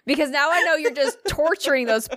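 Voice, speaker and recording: Brief: woman, fairly high voice, blunt co-host, swears in mock outrage. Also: a little fast, fairly bright tone, dry recording, clean studio sound. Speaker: podcast co-host. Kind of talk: casual chat.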